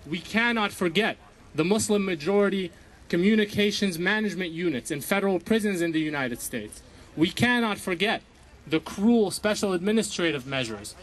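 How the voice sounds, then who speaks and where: A lawyer giving a protest speech outdoors, a man who speaks in measured, repetitive rhetorical lines. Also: a little high, a bit bright, slight background noise.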